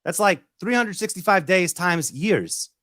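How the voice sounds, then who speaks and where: A man's voice: sits high, lively intonation, a little slow, fairly bright tone, no echo, clean studio sound. A man playing a defensive, hot-tempered husband in an improv scene, sarcastic and blustery. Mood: indignant.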